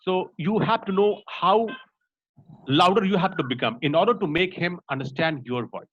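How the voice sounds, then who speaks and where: Indian-accented man, speech trainer, slightly raised pitch, muffled video call sound. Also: normal speed, a little hiss or hum. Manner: explanatory, frequent "right?" and "uh" fillers, mixes in Hindi. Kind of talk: online class lecture.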